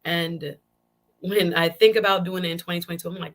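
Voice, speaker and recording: A woman's voice: fairly low pitch, brisk. Chatty woman hosting a live stream. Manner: animated, chatty, repeats phrases. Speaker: show host. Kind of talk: casual live-stream chat.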